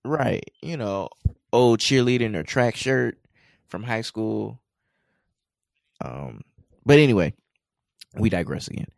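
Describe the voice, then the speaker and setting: Male podcast co-host, low gravelly voice, loose rambling recap, dry close sound. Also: expressive, slow, long pauses, no room sound. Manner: rambling, many "you know" fillers. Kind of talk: casual episode recap.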